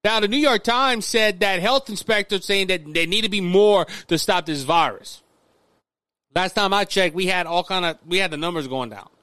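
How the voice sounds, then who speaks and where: A Louisiana man hosts a political commentary podcast, repeatedly stumbling into restarts and speaking straight to his listeners as "folks." His voice sits high and is bright, forceful, clear and resonant, delivered at a moderate pace with no echo.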